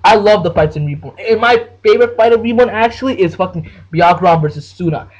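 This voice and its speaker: A man with a high, husky voice rants about his favorite anime battles. He talks casually and excitably, swears freely, and keeps restarting sentences. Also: fast talker, lo-fi sound. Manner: excitable, profane, full of slang and restarts. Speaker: anime reviewer. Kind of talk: casual anime rant to the camera.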